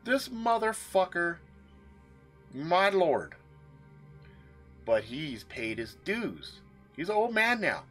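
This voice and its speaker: A man's voice: sits high, sing-song, slow, pauses often, a bit bright, slightly rough, soft background music. A man venting on his livestream in a room full of his gear, casual and profane, with emphatic swearing. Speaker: livestream host.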